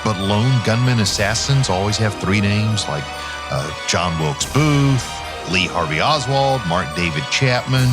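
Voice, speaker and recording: A man's voice: fairly low pitch, expressive, a little slow. A man as a show producer delivering a scripted comic aside in a dry, wry way. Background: loud music bed.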